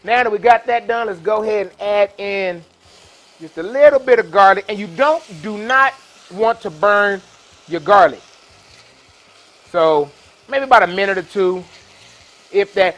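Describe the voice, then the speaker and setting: A man's voice: high-pitched, a little slow, long pauses, fairly bright tone. Folksy man hosting a cooking show. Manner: casual, folksy, chatty with viewers. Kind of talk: live cooking demonstration. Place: kitchen with induction burner.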